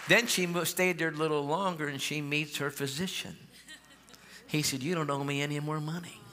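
A man pastor telling a healing story in a sermon, acting out the dialogue and calling on the crowd to shout. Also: fairly high pitch, normal speed. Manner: animated, acts out quoted dialogue, calls for shouts. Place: large church hall. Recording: live church hall with long reverb.

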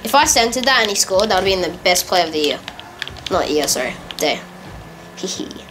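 A woman giving casual, excitable gameplay commentary, correcting herself quickly and laughing often. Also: lowish voice, slight background noise. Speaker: gamer.

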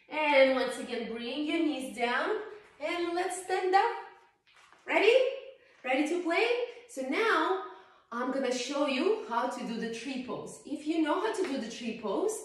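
A woman's voice: sits high, animated, unhurried. A woman teaching yoga to small children, playful and coaxing, often asking them questions as she guides the poses. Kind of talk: guiding a children's yoga class. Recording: echoey room, voice from far off.

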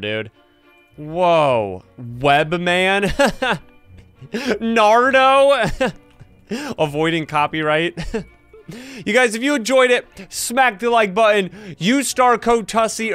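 A young man hosting a gaming channel, giving excited play-by-play commentary and yelping and laughing at scares. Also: on the high side, clear, resonant tone. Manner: jumpy, yelps and laughs at scares.

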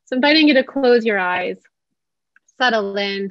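Calm, inviting woman leading a workshop. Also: a little high, moderate pace, no echo. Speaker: social worker and psychotherapist leading a workshop. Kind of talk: online parenting workshop talk. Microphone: video call. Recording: dull dry video call audio.

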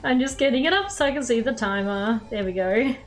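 A woman's voice: on the high side, animated, a little fast, soft background music. An Australian woman streaming a game live, exclaiming, laughing and swearing at her mistakes. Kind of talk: live gameplay commentary.

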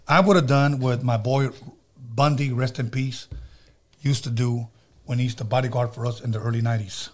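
A man's voice: mid-range voice, steady tone, normal speed. A man hosting a podcast, telling a story in a blunt, profane, playful way. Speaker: podcast host. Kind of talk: casual chat.

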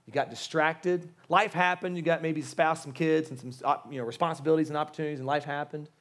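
Stammering, conversational pastor, higher-pitched man. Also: steady tone, quick pace, fairly bright tone. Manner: conversational, stammering restarts, pleading; casual slang, joking asides. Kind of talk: sermon.

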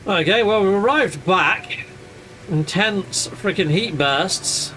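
A man's voice: sits high, expressive, slow, bright, forceful tone, slight background noise. A man commentating his gameplay in a chatty, exclamatory way, swapping in mild substitutes for swear words. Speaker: gaming channel host.

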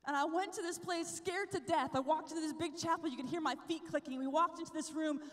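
High-voiced woman speaking in a big hall. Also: fast talker. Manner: animated storytelling, dropping to whispers and rising to shouts. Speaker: conference speaker. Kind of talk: evangelical youth talk. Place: large hall. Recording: long hall reverb.

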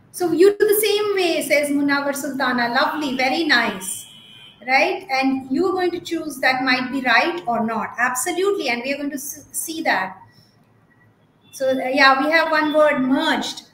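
Woman, high voice, chatty webinar presenter, echoey room. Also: fairly bright tone, slight background noise. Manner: chatty, reads out attendees' comments, many fillers. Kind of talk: teacher training webinar.

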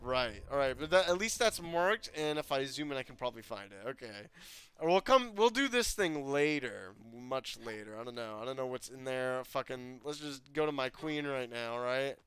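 A man casually commenting while playing a video game, excitable, swearing often, laughing and breaking into sudden loud outbursts. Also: medium pitch, moderate pace, smooth.

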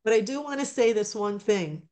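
A woman speaking on a video call gives an informal testimonial, stumbling and meandering through frequent restarts. Her medium-pitched voice is animated with a darkish tone.

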